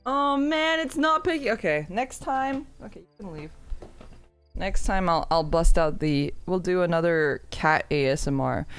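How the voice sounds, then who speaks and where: A woman's voice: lowish voice, lively intonation, unhurried, smooth, faint music behind. A woman streamer chatting casually and playfully to her viewers and cooing baby talk to her cat.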